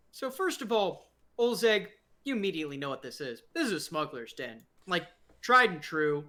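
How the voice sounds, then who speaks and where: A man runs a tabletop game as game master, narrating in a relaxed, rambling way. His pace is slow and full of fillers. His voice is bright. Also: sits high.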